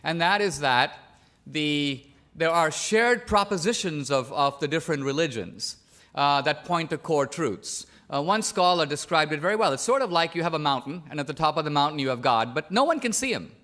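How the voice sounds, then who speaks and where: Debater from India, slightly high voice, pressing and methodical. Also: male voice, expressive, normal speed, sharp tone. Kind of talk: public debate.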